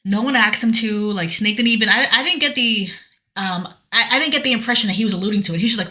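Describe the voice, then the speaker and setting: A woman's voice: medium pitch, fast, bright, forceful tone. A woman co-hosting a podcast, recapping a video game story in casual chat with an earnest, rambling manner and many restarts. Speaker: podcast co-host.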